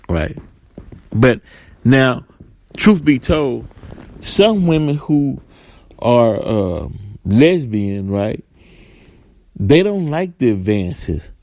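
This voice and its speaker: A male talk radio host with a gravelly voice. He rambles loosely through his points and tags them with questions, recorded close and very dry. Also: fairly low pitch, dark tone, dry recording. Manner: rambling, keeps asking "right?".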